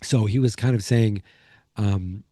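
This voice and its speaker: A podcast host with a low, very dark, mellow voice recaps an episode at an unhurried pace. He rambles, using lots of "um"s and restarting often. The sound is dry and close with no room echo.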